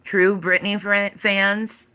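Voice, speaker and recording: A woman in her forties delivers a livestream rant with a bright, forceful edge. Her pitch sits in an ordinary middle range. She swears constantly and sounds defiant and emphatic. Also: flat delivery, slow, smooth. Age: 40s. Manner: heavy profanity, defiant and emphatic. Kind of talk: ranting livestream monologue.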